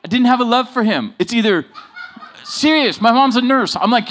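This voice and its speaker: A man preaching a sermon full of personal stories, swinging between loud emphasis and low asides. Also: expressive, normal speed. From Southern California.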